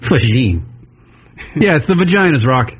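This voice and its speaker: A man co-hosting a radio talk show, swearing freely and mocking loudly in crude comedic banter. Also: mid-range voice, very animated, measured pace, breathy edge. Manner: profane, loud, mocking. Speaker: co-host.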